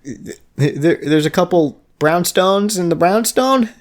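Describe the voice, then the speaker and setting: A man's voice: sits high, expressive, takes it slowly. A bearded man co-hosting a podcast, trading joking dry one-liners in a casual TV episode recap. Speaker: podcast co-host.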